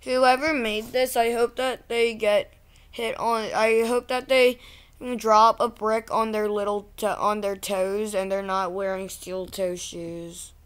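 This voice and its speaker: A woman's voice: medium pitch, level tone, smooth. A woman hosting a casual vlog, reacting to things online in a ranting, exasperated way. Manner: ranting, easily exasperated, slow-talking. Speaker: channel host.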